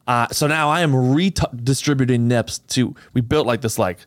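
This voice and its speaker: Animated male podcast host, dry sound. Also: mid-range voice, normal speed, dry recording. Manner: animated, laughing storyteller. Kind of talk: casual storytelling chat.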